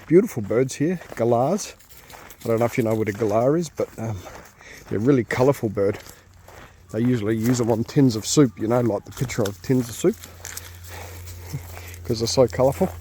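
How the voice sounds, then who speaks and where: An Australian man with a warm, medium-pitched voice talks casually as he walks his dog outdoors on a nature walk. He's chatty and easygoing, wandering off into asides and fillers, and there's a slight hiss or hum.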